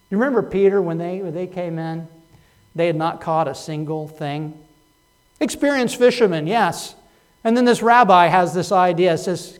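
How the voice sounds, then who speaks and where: Man preaching with rising emphasis. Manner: swings between soft low asides and loud rising emphasis; storytelling with dry humor. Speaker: pastor. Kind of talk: sermon.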